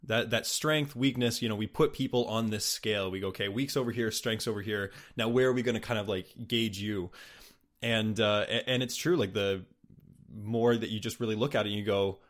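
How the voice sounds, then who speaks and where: A man hosting a podcast interview, talking in a casual, animated way with many fillers. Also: on the low side, moderate pace. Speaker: podcast host.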